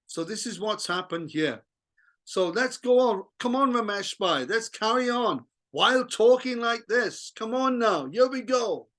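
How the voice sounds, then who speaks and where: A man's voice: sits high, expressive, a little slow, a bit bright. A man leading an online reading group, earnestly explaining scripture with many fillers and restarts. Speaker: scripture class leader.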